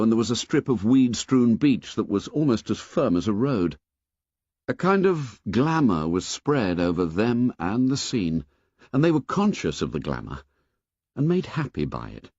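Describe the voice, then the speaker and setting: Man reading an audiobook, lively up and down voice, dry and kinda muffled. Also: lowish voice, measured pace, no room sound. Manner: lively expressive storytelling. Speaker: audiobook narrator. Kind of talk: scripted narration.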